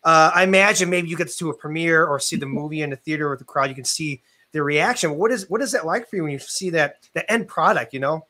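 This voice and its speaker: A man in his forties hosting a casual interview, relaxed and chatty with plenty of "uh" fillers. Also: on the high side, fast. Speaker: interview host.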